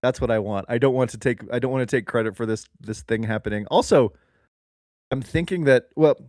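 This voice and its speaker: A man co-hosting a comedy podcast, wry and deadpan as he questions every detail. His voice is close and dry, with no room sound. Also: medium pitch, fairly quick, no echo. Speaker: podcast co-host. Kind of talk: casual comedic chat.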